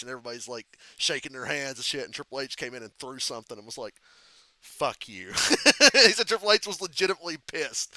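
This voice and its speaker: A man chatting casually during a live reaction stream, swearing freely while telling animated backstage stories and calling a race. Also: medium pitch, dry recording. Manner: profane animated storytelling. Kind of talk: casual chat with friend.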